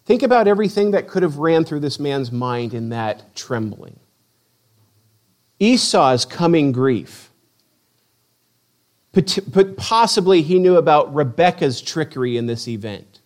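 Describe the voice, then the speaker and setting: A man preaching a sermon, reading scripture with slow drama between conversational asides. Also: a little high, animated. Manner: reads scripture slowly and dramatically, then talks conversationally. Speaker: pastor.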